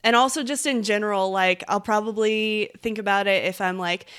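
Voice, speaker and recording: A woman on a casual book podcast, talking in a relaxed, easygoing way. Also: mid-range voice, normal speed, clear, resonant tone. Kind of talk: casual chat.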